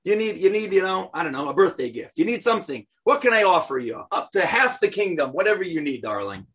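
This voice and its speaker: A man doing an excitable ancient king. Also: high-pitched, fast talker, breathy edge, exaggerated voice. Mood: indulgent. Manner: breezy, eager, casual slang.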